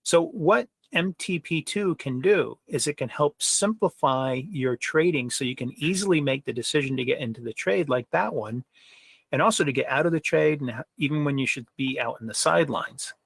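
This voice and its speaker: A man presenting trading software in a conversational webinar, with frequent fillers and rhetorical questions. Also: a little high, lively intonation, moderate pace, gravelly, breathy edge, dry recording.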